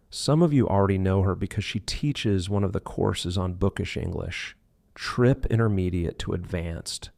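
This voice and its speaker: Man, narrator for a pronunciation lesson, deep voice with lots of fry, steady read-aloud delivery. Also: no room sound, studio quality. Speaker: English pronunciation teacher.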